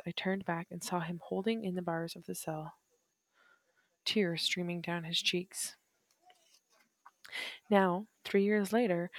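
Woman narrator, low voice, measured reflective memoir reading, dry close sound. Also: dry recording. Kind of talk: reading a first-person memoir aloud.

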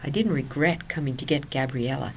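A woman narrating a first-person story in a soft voice that at times drops to a whisper. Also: rumbling low, brisk, slight background noise, poor audio.

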